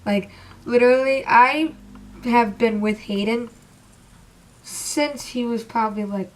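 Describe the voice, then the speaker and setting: A young woman telling an excited, rambling storytime about meeting her idols, emotional and close to tears. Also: fairly high pitch, takes it slowly. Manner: gushing, rambling, says literally a lot. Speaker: vlogger.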